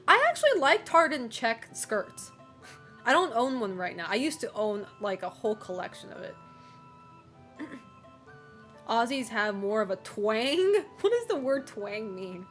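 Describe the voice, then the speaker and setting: A woman's voice: medium pitch, big pitch swings, unhurried, long pauses, a bit bright, faint music behind. A woman streamer chatting casually with her live chat, teasing viewers, swearing freely, and laughing often.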